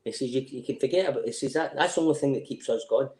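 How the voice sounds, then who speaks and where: A middle-aged man with a broad Scottish accent, yarning in casual chat, swearing often and laughing through his own tales. His voice sits at an ordinary middle pitch. The room around him is roomy and echoey. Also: very fast, darkish tone. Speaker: podcast guest.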